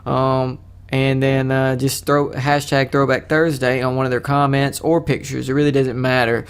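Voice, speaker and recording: A man's voice: medium pitch, little pitch movement, normal speed, clean tone. A young man hosting a solo podcast, rambling in a casual, self-mocking way with crude jokes. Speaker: podcast host.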